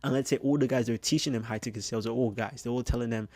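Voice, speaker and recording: A man's voice: mid-range voice, fairly even intonation, a little mellow, dry recording. A man coaching on business, talking straight to camera in a casual, filler-heavy way. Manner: fast, casual, heavy use of filler phrases. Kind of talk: direct-to-camera business teaching.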